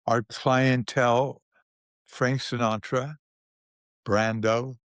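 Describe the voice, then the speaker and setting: An older man, a guest in an interview, telling anecdotes in an unhurried way, with restarts and small chuckles. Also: medium pitch, little pitch movement, fairly bright tone, no room sound.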